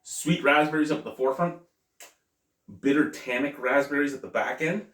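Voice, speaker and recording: A man's voice: medium pitch, normal speed, a bit bright. Chatty man reviewing beer, roomy sound. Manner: chatty, self-correcting, thinks aloud. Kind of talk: casual beer review vlog. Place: at home. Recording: roomy, mic at a distance.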